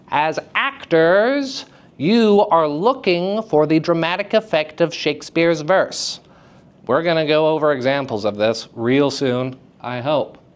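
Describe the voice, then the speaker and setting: A man teaching young actors in a lively, playful lecture, joking with the students. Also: a little high. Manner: lively, playful, jokes with audience. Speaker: theater teacher. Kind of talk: lecture to high school students. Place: school hall with audience.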